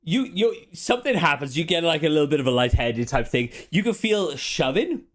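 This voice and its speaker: A man's voice: on the high side, animated, fairly quick, a bit bright. A man running a tabletop game as game master, narrating scenes in a laid-back way.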